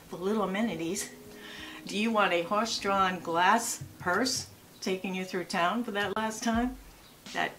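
Chatty woman in her sixties. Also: mid-range voice. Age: 60s. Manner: chatty, animated, with asides and rhetorical questions. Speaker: lifestyle vlogger. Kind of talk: casual chatty advice vlog.

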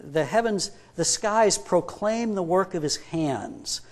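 Fairly high-voiced man preaching a sermon. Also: lively intonation, slow pace, few pauses. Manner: emphatic, builds up with rhetorical questions; retells a story, acting out both speakers. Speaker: pastor.

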